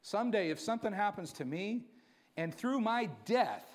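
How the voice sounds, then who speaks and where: Guy preaching, pretty high voice, tells the story then gets all fired up. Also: lively intonation, normal speed. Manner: storytelling, rising to fervent preaching. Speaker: pastor. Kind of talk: sermon.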